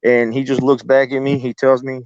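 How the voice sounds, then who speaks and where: A man's voice: mid-range voice, completely flat delivery, normal speed, a little mellow, no echo. A man casually telling a long story as a guest, swearing freely and rambling with restarts. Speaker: guest telling encounter stories. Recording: slightly dull lo-fi audio.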